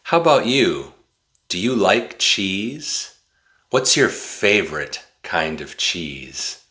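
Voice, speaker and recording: Male teacher from Wisconsin, deliberate over-enunciation, bright and forceful tone. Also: low-pitched, big pitch swings. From Wisconsin, USA. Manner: slow, deliberate, exaggerated enunciation. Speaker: English teacher. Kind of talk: pronunciation lesson.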